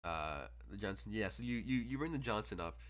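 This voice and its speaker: A man's voice: lowish voice, lively intonation, fairly quick, background noise. A man narrating as game master, rambling with many fillers and chuckles.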